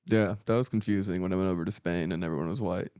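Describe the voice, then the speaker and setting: A man's voice: deep voice, fast, warm tone, clear, resonant tone, no room sound. An American man guesting on a podcast, dropping short dry quips. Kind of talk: casual comedic chat.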